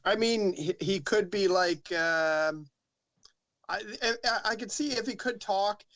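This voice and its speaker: A man's voice: sits high, takes it slowly, a bit bright. A man in a casual video-call chat, speaking hesitantly with many fillers and restarts.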